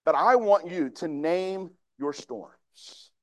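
A man with a high voice preaches a sermon, talking to the congregation in a conversational way and putting questions to them. The sound is dry and close, with little room echo. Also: animated, takes it slowly. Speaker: pastor.

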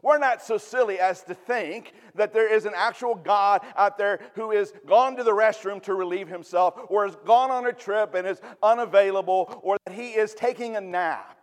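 A man's voice: high-pitched, normal speed, few pauses, in a large hall. A man preaching a sermon in a conversational way, with humorous asides. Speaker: pastor.

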